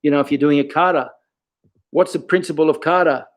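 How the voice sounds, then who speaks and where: Questioning karate instructor. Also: male voice, a little high, fairly even intonation, fairly quick. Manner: peppers his talk with questions and "okay". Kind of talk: casual instructional talk.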